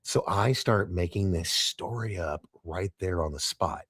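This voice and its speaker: A man guest on a podcast, telling a story in a casual, animated way, laughing often and stumbling over his words. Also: low voice, unhurried, husky, no echo, studio quality.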